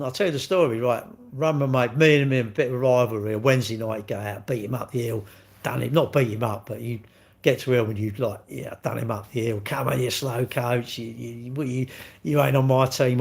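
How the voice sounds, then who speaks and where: A man, chatting casually on a live stream and telling rambling, sweary stories while answering viewers. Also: mid-range voice. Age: 60s.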